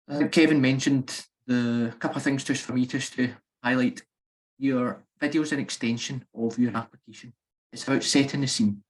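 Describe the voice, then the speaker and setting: A man's voice: medium pitch, poor audio. A man with a Scottish accent hosting a workshop, earnest, restarting phrases to stress points. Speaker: workshop host. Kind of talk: webinar explanation.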